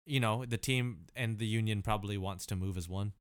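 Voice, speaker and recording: A man with a lowish, smooth voice talks in a relaxed, slangy podcast chat. The sound is dry and close, with no room around him. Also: a little fast, no room sound. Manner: laid-back, slangy, laughs often. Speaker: podcast co-host. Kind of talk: casual chat.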